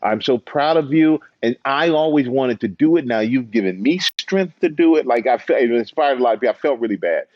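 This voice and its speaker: A man's voice: medium pitch, a little fast, few pauses, no echo. A man speaking as an interview guest, telling stories with lots of life in his voice and slipping into other people's voices as he quotes them. The sound is dry and a bit dull, with little room around it. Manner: animated storyteller, acts out quoted voices, laughs. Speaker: interview guest, former football player and TV host. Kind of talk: casual interview chat.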